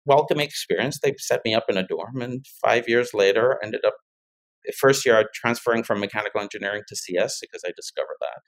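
Middle-aged man, mid-pitched, loose rambling storyteller on a podcast. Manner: rambling storyteller, many restarts and laughs. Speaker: guest, tech founder. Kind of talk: casual interview chat.

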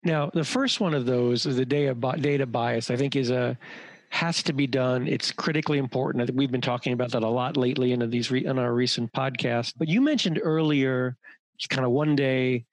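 Host: a man of medium pitch, dry close sound, reflective and conversational. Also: fairly quick, dry recording. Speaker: podcast host. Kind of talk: conversational podcast interview.

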